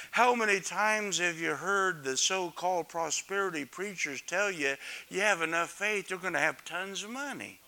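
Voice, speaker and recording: A man with a high voice preaches a dramatic sermon at normal speed, swinging between loud calls and hushed near-whispers. He puts questions to the congregation as he goes.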